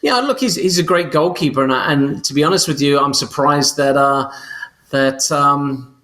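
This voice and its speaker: A man's voice: a little high, moderate pace, pushed and bright. An English man co-hosting a soccer podcast, talking casually with many fillers and restarts. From England. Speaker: co-host.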